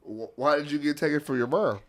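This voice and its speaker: A man's voice: fairly high pitch, fairly quick. A man interviewing a guest in a casual, laid-back way, asking short questions in slang and agreeing often.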